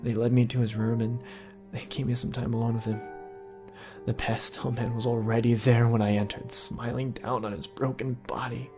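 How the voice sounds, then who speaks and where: A man reading a horror story aloud in a measured, somber tone. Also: mid-range voice, level tone, music in the background. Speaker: narrator. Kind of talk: scripted horror story narration.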